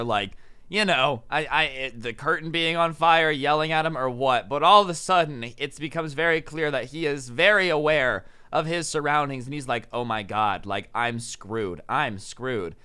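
A young man telling a wild party story to his viewers, talking casually and animatedly and shouting out the lines he quotes. His voice is bright and forceful, sits a bit high for a man, and sounds smooth and crisp. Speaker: storytime vlogger.

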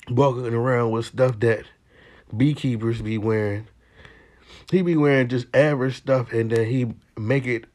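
A man hosting a casual reaction video, joking in heavy slang and laughing often. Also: medium pitch.

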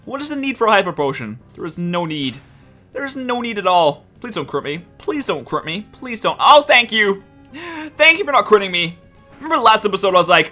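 A man hosting a gameplay commentary, excitable and exasperated, swearing often and pleading with the game. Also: sits high, a little fast, faint music behind. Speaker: let's play host.

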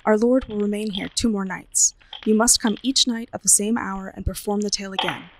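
A woman's voice: medium pitch, fairly even intonation, fairly quick, background noise, lightly acted. A woman voicing a stern old female attendant in a storybook reading, speaking in a formal, commanding way.

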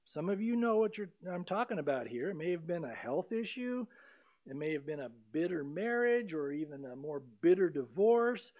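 A man preaching a sermon as pastor, animated and conversational, acting out prayers and complaints in quoted voices. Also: sits high. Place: church sanctuary.

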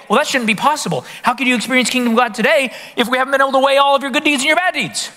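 A man preaching with a high, bright, sharply ringing voice that leaps up and down as he drives his points home. He fires rhetorical questions at the congregation. His words carry a long reverb from a large hall. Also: lively intonation, quick pace. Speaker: pastor. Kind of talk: sermon.

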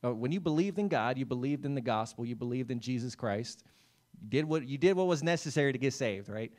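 A man's voice: mid-range voice, animated, fast, a little mellow. Conversational preaching pastor, man. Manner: conversational preaching, addresses listeners by name, frequent "right?" and "amen". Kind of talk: sermon. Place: church service.

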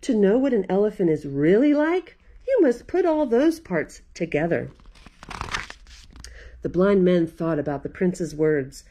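A woman's voice: fairly low pitch, very animated, unhurried, dark tone, a little hiss or hum. A woman librarian reading a picture book aloud to children, playful and laughing often.

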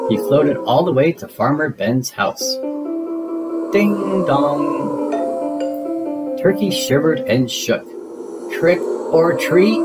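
Man reading a children's story aloud. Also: mid-range voice. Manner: expressive, sound effects. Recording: guitar music behind.

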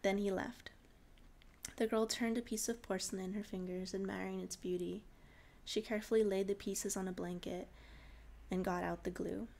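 A woman reading a short fairy tale aloud in a relaxed, informal way, laughing off her slips. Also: mid-range voice, moderate pace, creaky. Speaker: storyteller.

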